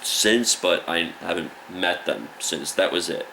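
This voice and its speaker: A man's voice: low voice, unhurried, creaky, slight background noise, poor audio. A man casually telling a story from his youth, acting out the voices of the people he quotes. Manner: animated, acts out quoted voices. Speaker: musician guest.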